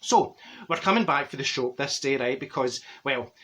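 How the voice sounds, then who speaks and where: A man's voice: medium pitch, animated, moderate pace, bright, forceful tone. A man voicing a chatty, straight-talking older woman from Glasgow in a Glaswegian accent, rambling and laughing through her comic stories. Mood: cheeky. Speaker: comedy character. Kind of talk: comic monologue to camera.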